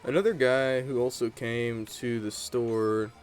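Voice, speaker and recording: A man's voice: mid-range voice, fairly even intonation, unhurried, soft background music. A man giving casual gameplay commentary, rambling and chatty as he tells stories while he plays. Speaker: gaming channel host.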